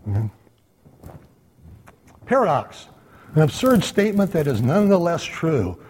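Husky-voiced man teaching in a reverberant hall. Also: fairly high pitch, very animated, a little slow, a little mellow. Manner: conversational, checks in with "okay?". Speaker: Bible study teacher. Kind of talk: church Bible study lecture.

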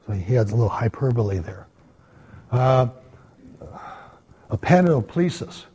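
A man teaching a church Bible study class in a conversational lecture style, pausing often on "uh" and checking in with his listeners. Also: medium pitch, lively intonation, mellow, breathy edge. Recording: long hall reverb.

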